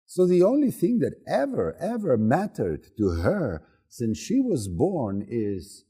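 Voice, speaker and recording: A man's voice: mid-range voice, huge pitch swings, takes it slowly, few pauses, warm tone, slightly rough. A man teaching, telling a personal story in an informal, storytelling way. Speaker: Human Design teacher. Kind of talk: talk to a group.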